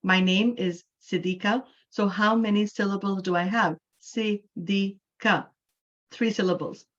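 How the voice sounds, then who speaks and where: A woman's voice: medium pitch, steady tone, normal speed, lo-fi sound. A middle-aged Canadian woman teaching an English class, explaining patiently step by step with repeated examples. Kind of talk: online class lecture.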